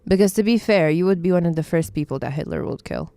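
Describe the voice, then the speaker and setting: Young woman podcast co-host, calm and soothing, smooth clear voice, dry close sound. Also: quick pace, no echo. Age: young adult. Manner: calm, soft-spoken, low-key delivery. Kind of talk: casual chat.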